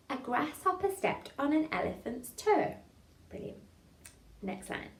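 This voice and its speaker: A woman's voice: high voice, sing-song, moderate pace. A woman leading an online drama improvisation lesson, chatty and encouraging, laughing at her own slips. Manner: encouraging, chatty, self-deprecating. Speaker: drama teacher. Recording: echoey room, mic at a distance.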